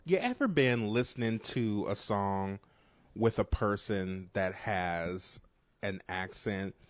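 Slow and lively in intonation, this lowish-voiced podcast co-host tells rambling, profane stories in a casual chat, leaning heavily on fillers.

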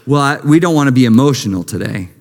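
A middle-aged man preaching a sermon as pastor, impassioned, moving between hushed and lifted delivery. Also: mid-range voice, animated, fast. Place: church sanctuary. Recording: long reverb of a large hall.

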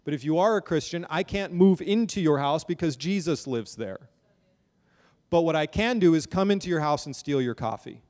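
A man's voice: a little high, expressive, moderate pace, darkish tone, long reverb tail. A man preaching a sermon from a pulpit in a church, earnest and building emphasis, often repeating words as he goes. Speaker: pastor. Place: church sanctuary.

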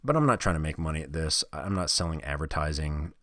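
A man's voice: very deep voice, expressive, quick pace, a bit bright, no room sound, clean studio sound. A middle-aged man from the Midwest hosting a solo podcast, rambling through profane, self-deprecating stories. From American Midwest. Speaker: podcast host. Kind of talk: casual solo podcast monologue.

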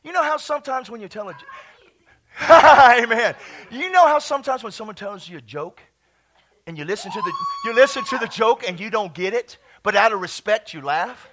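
A man preaching a charismatic sermon in a church, exuberant, bursting into shouts and laughter between calmer teaching. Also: very high voice, normal speed. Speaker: pastor.

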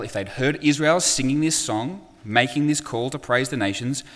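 A man's voice: mid-range voice, animated, brisk, few pauses, fairly bright tone. Conversational male preacher in a reverberant hall. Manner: conversational, with frequent "uh" fillers and acted quotes. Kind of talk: sermon.

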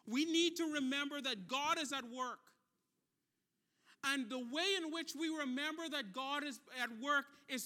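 A pastor preaching a sermon, emphatic and repetitive, swinging between quiet and loud. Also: sits high.

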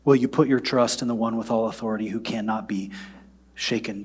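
A man preaching a sermon, moving between loud, emphatic passages and soft, near-whispered prayer. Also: lowish voice, steady tone, brisk, husky. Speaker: pastor.

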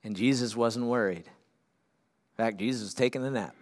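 A man preaching a sermon as pastor, swinging from loud, urgent peaks down to quiet, earnest lows. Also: moderate pace.

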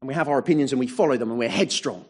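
A man's voice: medium pitch, rapid-fire, darkish tone, husky. A man preaching a sermon, working through a psalm verse by verse and often adding rhetorical tag questions. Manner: expository, walking through verses.

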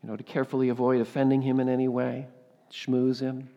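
A male pastor preaching a sermon, swinging between loud, fervent emphasis and quiet asides, often ending points with rhetorical questions. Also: medium pitch, monotone, quick pace, in a large hall, muffled recording. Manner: rhetorical tag questions and repeated exclamations.

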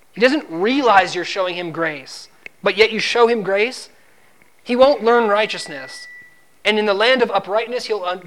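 Man, high voice, sermon, emphatic, quotes scripture, acts out parable lines. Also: fairly bright tone. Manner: emphatic, rises in pitch and volume when driving a point. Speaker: preacher.

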